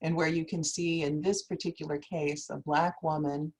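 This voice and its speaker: A woman law professor speaking on a panel over a video call, telling a story in an earnest, measured way with emphatic quoted exchanges. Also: deep voice, level tone, a little mellow, rough recording. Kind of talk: academic panel talk.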